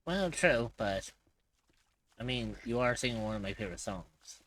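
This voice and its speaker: A man's voice: medium pitch, animated, normal speed, fairly bright tone, far from the mic, a little hiss or hum, rough recording. A man co-hosting a livestream, chatting casually in a rambling, hesitant way with restarts. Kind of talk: casual stream chat.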